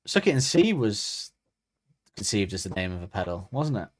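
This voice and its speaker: A man with a fairly low voice talks in loose, meandering podcast chat, often stalling on ums and starting sentences over. The sound is dry and close, with no room around it. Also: big pitch swings, moderate pace, no room sound. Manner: rambling, hesitant, many ums and restarts. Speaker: podcast co-host. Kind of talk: casual chat.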